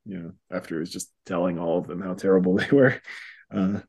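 A man hosting a podcast, recapping a comic in a casual chat, chuckling often and filling pauses with ums. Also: low-pitched, steady tone, gravelly, darkish tone, slightly rough, dull audio. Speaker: podcast host.

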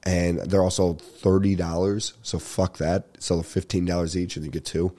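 Young male podcast host, stuffy-nosed, low mellow voice, rambling, swears a lot. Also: flat delivery, normal speed. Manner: rambling, swearing, laughs while telling stories. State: congested, getting over a sinus infection. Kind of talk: casual comedic storytelling.

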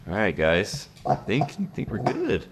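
A young man hosting a casual podcast, telling a story in a laid-back, profane and lively way. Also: fairly low pitch, unhurried, background noise. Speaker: podcast host.

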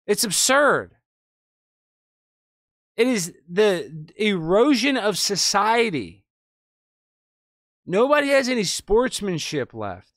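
A man hosting an online show, commenting sarcastically on news clips in a loose, animated way. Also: high-pitched, takes it slowly, long pauses, no echo, clean studio sound. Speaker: host.

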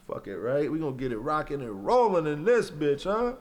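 A man's voice: fairly high pitch, big pitch swings, a little fast, few pauses, darkish tone. A man hosting a podcast alone, rambling and joking with lots of swearing, then freestyle rapping. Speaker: podcast host. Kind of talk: casual solo commentary and freestyle rap.

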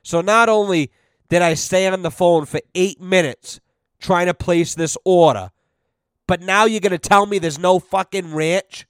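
A man's voice: high-pitched, measured pace, clean tone, no room sound, studio quality. A man hosting a podcast, telling a rambling, profane story in a wry, casual way. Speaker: podcast host.

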